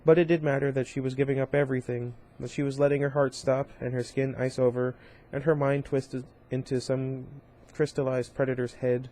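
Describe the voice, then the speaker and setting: Reading a novel aloud, this man speaks fairly quickly with hardly any pauses, his warm, middle-pitched voice flat in delivery. It's an informal, unpolished read where he sometimes stumbles, corrects himself, and tosses in short asides.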